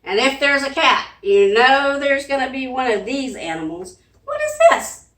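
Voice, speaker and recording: A woman leads a children's sing-along, her high voice swinging up and down as she coaxes and makes animal noises. She sounds set back from the mic in an echoey room. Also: sing-song, moderate pace, a bit bright, recorded from a distance. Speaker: children's librarian. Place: library room.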